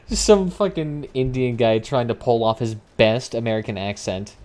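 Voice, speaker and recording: A young man streaming a vehicle combat game, chatting casually with swearing and sudden excited outbursts as he plays. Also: medium pitch, a little fast, hardly any pauses. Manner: casual, profane, excitable reactions. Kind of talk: live gameplay commentary.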